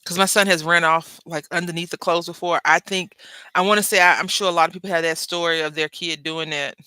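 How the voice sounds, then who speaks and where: A woman hosting a crafting video, chatting and telling stories while she works, acting out quoted lines with big jumps in pitch and dropping to soft murmurs when she concentrates. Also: fairly even intonation, a little fast, clean tone, no room sound. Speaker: crafting channel host. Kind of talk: casual chat while crafting.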